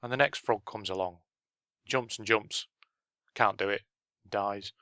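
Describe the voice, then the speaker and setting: A man's voice: on the low side, unhurried, sharp tone, smooth, no echo. A man co-hosting a casual business chat, telling stories with dry punchlines. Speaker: podcast co-host.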